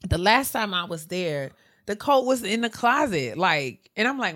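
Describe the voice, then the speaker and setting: A woman co-hosting a podcast, telling stories in casual chat and acting out her mother's lines in a raised voice. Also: moderate pace. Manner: animated storytelling, acts out her mother in a higher voice. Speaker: podcast co-host.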